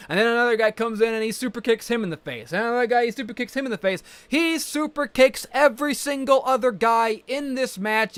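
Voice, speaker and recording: A man giving a casual, rambling wrestling recap, profane and excitable. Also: high voice, smooth, dry recording. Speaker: wrestling vlogger.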